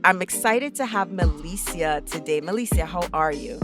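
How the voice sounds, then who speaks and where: A woman's voice: on the low side, expressive, normal speed, music in the background. Jamaican woman hosting a podcast, upbeat. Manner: upbeat, teasing interviewer. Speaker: podcast host. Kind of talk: casual podcast chat.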